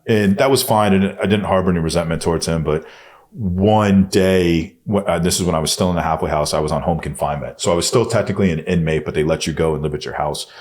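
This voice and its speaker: A man being interviewed on a podcast, telling a personal story in a blunt, profane way. He often swears and goes soft and hushed when he quotes himself. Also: a bass voice. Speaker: podcast guest.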